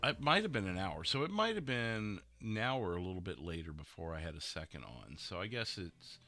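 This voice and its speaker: A man with a Midwestern accent chats on a live stream. His voice sits low but comes through bright and forward. He rambles and doubles back often, and soft music plays underneath. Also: sing-song. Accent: Midwestern American. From American Midwest. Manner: rambling, halting with many fillers and restarts. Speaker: streamer and roleplay dispatcher. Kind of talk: casual chat. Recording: faint music behind.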